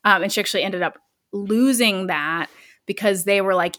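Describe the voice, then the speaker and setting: A woman co-hosting a podcast, casually retelling a story with chatty asides and quick self-corrections. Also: medium pitch, a bit bright. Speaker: podcast co-host.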